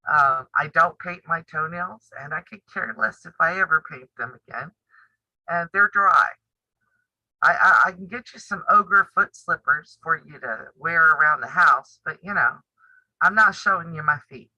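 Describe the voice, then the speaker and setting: A woman in her fifties chats live with her viewers, blunt and teasing, laughing often. Her voice is very bright and sharp. It sounds dry and a little dull, like a modest home mic. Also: deep voice, normal speed, no echo. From United States. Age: 50s. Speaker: sewing and quilting channel host. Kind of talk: casual live-stream chat.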